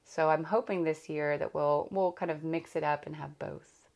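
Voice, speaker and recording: Podcast host, woman, low gravelly voice, rambling and candid, loose casual chat. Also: steady tone, normal speed, darkish tone, muffled recording. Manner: rambling, self-correcting, candid.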